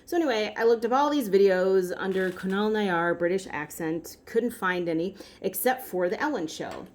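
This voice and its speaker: Woman from western mass rambling to her camera, chatty, lots of tangents, mid pitch. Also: animated, normal speed. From Western Massachusetts, US. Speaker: vlogger. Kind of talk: casual chat.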